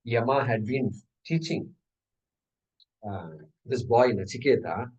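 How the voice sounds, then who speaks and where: A man's voice: mid-range voice, takes it slowly, a little mellow, recorded from a distance, lo-fi sound. A man teaching a scripture class, explaining step by step with rhetorical questions and chanting Sanskrit terms. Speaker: Vedanta teacher. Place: class hall.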